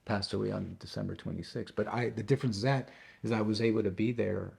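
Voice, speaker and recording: Gravelly low-voiced middle-aged man. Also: fairly even intonation, darkish tone. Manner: halting, often restarts and repeats words. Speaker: interview guest, tribute band musician. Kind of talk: casual interview conversation.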